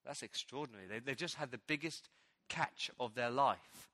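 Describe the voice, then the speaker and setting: A man preaching a sermon as pastor, telling a Bible story with animated storytelling and acting out the quoted lines. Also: medium pitch, normal speed, no echo. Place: church.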